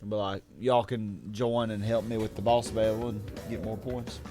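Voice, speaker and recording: A man's voice: fairly low pitch, flat delivery, moderate pace, dark tone, faint music behind. A man hosting a game stream, chatting casually, rambling and correcting himself as he greets viewers. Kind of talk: casual gaming stream chat.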